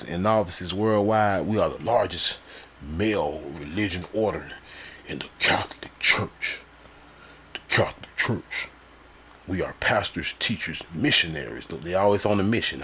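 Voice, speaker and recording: A man's voice: deep voice, fairly bright tone, slight background noise. A man live streaming, reading sources aloud and breaking off into loose, slangy, mocking commentary. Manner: loose slangy talk, quick to laugh and mock.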